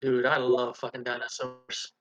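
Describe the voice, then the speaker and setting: A man's voice: mid-range voice, completely flat delivery, moderate pace, a crowd in the background. A man chatting eagerly with friends before a tabletop game session. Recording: dull, dry voice-call audio.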